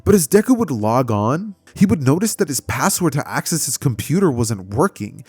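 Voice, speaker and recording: A man casually retelling a fan-made story, animated and conversational, with frequent fillers. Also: medium pitch, normal speed, slightly rough, dry recording.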